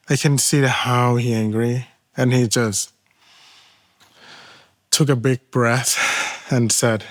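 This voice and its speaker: A man with a Thai accent speaks at a mid-range, ordinary pitch. His English is halting, with restarts along the way, and he sounds earnest as he tells a personal testimony, stepping into the other people's voices to act out the dialogue. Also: fairly even intonation. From Thailand. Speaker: testimony guest.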